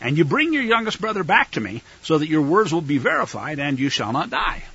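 A man voicing a stern, powerful male governor who accuses and commands in forceful, declaiming speech. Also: on the high side, big pitch swings, a little fast, slightly rough, dull audio, heavily acted. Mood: commanding.

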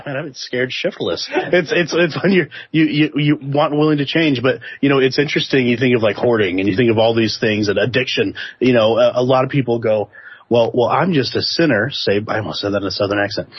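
A man co-hosting a casual faith discussion, animated and jokey, often acting out what other people say. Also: medium pitch, fast talker, hardly any pauses, slightly rough, no room sound, muffled recording.

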